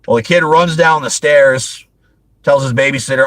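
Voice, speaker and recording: Brief: male host, mid-pitched, dry close sound, chatty and rambling, laughs a lot. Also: normal speed, no room sound, rough recording. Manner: rambling, laughs often, frequent restarts. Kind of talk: casual movie review chat.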